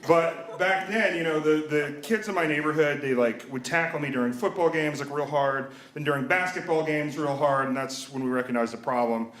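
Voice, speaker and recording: A man's voice: on the high side, moderate pace, few pauses, a bit bright, reverberant. A man in his thirties telling a personal story live, wry and self-mocking, acting out the voices of the people in it. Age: 30s.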